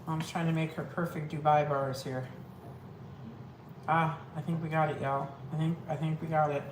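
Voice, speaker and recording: A woman's voice: low-pitched, level tone, normal speed. A woman hosting a casual live cooking demo from her home kitchen, chatty and scattered, talking straight to her viewers. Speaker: weight-loss coach hosting a live cooking stream. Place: home kitchen with pets and family about. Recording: echoey room with clear background noise.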